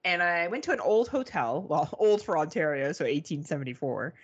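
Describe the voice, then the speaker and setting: Lively swearing woman telling stories. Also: sits low, brisk, lo-fi sound. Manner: animated, swearing, mimics beeping sounds. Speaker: podcast co-host. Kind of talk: casual storytelling chat.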